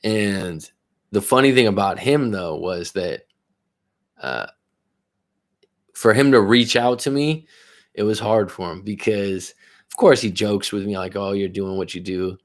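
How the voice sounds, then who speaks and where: A man's voice: fairly low pitch, expressive, a little slow, long pauses. A man coaching and telling a story in a casual, profane, rambling way, often restarting his sentences. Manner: rambling, profane, self-interrupting. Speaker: life coach. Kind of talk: casual storytelling on a live stream.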